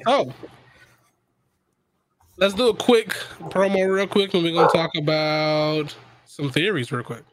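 A man co-hosting a casual podcast chat, excitable and quick to laugh. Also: a little high, noisy background. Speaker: podcast co-host.

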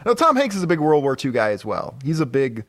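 A podcast co-host, a man, walks through an old comic's plot in loose, casual talk, swearing and laughing as he goes. His voice sits at an ordinary middle pitch. The recording is dry and close, with no room sound. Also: wildly swooping pitch, fast talker, no echo. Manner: retells comic plots with profanity and laughs. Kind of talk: casual chat.

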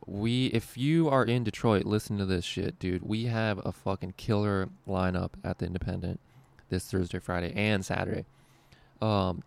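A man's voice: lowish voice, vocal fry. A young adult man, a stand-up comedian hosting a podcast, telling stories in rambling, profane casual chat and laughing often.

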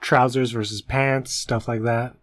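A man's voice: medium pitch, steady tone, unhurried, fairly bright tone, no room sound. A man co-hosting a casual educational podcast, who talks in a joking, self-deprecating way. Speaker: podcast co-host.

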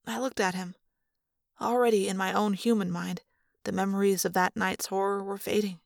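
A woman's voice: mid-range voice, steady tone, moderate pace, gravelly, no room sound. A woman reading a first-person audiobook aloud in an earnest, subdued way on a close microphone. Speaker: reader.

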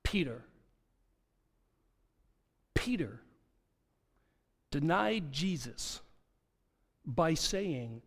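A man's voice: a little high, very animated, drawn-out words, pauses often, breathy edge. A man preaching a sermon, dramatic, asking rhetorical questions and acting out quoted dialogue. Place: church sanctuary. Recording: long hall reverb.

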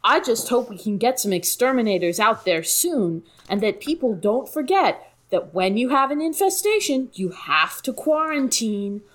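A man putting on the voice of a stiff male TV news anchor with a measured newsreader delivery. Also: very high-pitched, big pitch swings, a bit bright, exaggerated voice. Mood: mock-serious.

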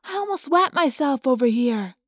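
A woman's voice: sits high, animated, moderate pace, no room sound, studio quality, voice pushed up. A woman voicing a young girl who whispers wryly in an audiobook reading. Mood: hushed. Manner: whispering, wry. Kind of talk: audiobook character voice.

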